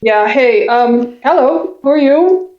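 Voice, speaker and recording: A woman's voice: high-pitched, animated, takes it slowly. A woman playing a tabletop game, casually thinking aloud with ums. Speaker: player. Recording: echoey, dull lo-fi sound.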